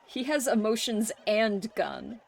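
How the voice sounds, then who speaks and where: Laughing, high-voiced woman streamer. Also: slow, creaky, a faint crowd. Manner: laughing, swearing, animated reactions. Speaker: livestream host. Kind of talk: casual chat with viewers.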